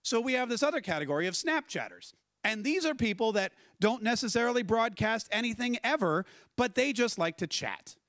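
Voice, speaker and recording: Man, keynote speaker, high voice, dry close sound, animated storytelling, talks to the crowd. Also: brisk, dry recording. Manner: animated, conversational storytelling with audience questions. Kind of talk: conference keynote talk. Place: conference stage.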